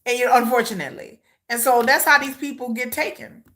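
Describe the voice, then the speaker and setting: A woman's voice: a little high, quick pace. A woman, ranting in casual live-stream commentary with incredulous repeats. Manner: animated, incredulous ranting with frequent repeats and laughs. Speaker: reaction streamer.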